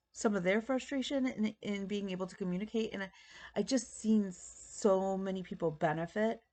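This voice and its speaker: A woman's voice: medium pitch, a little mellow. A woman in her thirties chatting casually to camera as a stitching vlog host, rambling with many ums and restarts. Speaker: flosstube host.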